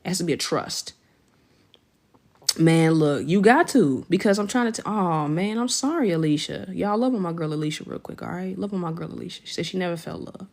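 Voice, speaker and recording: Effusive woman livestreamer, slangy and low. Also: quick pace, creaky, few pauses. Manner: effusive, slangy, greets and shouts out viewers by name; jumps to high excited pitch when celebrating. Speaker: livestream host. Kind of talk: casual livestream chat with viewers.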